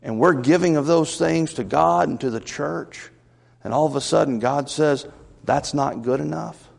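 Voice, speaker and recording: Man, pastor, sermon, folksy conversational preaching, raspy fry in the voice, long church reverb. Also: fairly high pitch, moderate pace. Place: church sanctuary.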